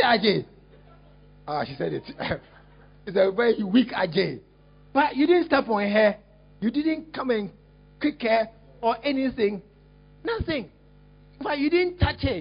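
A man preaching a lively sermon as a pastor, teasing and exclaiming at his congregation while acting out a scene. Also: extremely high pitch. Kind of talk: lively sermon with acted-out demonstration. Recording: dull lo-fi recording.

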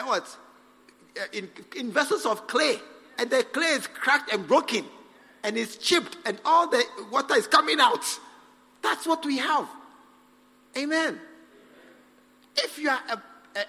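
A high-voiced man preaches with a wide, lively swing of pitch. He drives his points home emphatically, calls for responses and acts out little dialogues. His voice carries a long hall reverb. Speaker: pastor. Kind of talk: sermon.

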